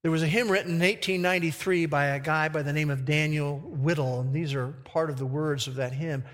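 A man preaching a sermon who reads scripture slowly and with emphasis. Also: a little high, steady tone, fairly bright tone, in a large hall. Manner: slow, emphatic verse reading.

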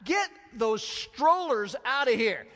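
A man voicing fussy, exasperated male disciples who shoo children away, in a high, emphatic, bossy tone. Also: animated, slow pace, fairly bright tone, heavily acted. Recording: long reverb of a large hall.

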